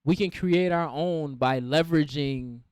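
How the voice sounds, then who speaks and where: A man's voice: on the high side, measured pace, darkish tone, clean tone, dry recording, studio quality. A young man co-hosting a podcast in casual chat, laid-back and laughing often as he tells stories. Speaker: podcast co-host.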